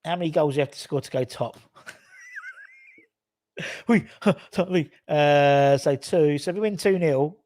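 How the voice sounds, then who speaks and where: A man hosting a live football fan show, chatting casually, animated and sweary, reading viewer comments aloud. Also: a little high, a little slow, pauses often. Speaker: fan channel host. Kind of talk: casual live matchday chat.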